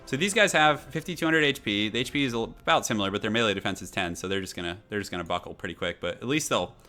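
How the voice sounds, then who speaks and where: A young man casually chatting through a live gaming stream, reading out viewer messages in a relaxed, rambling way at a desk microphone. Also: lowish voice, racing. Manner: relaxed, chatty, reads chat aloud.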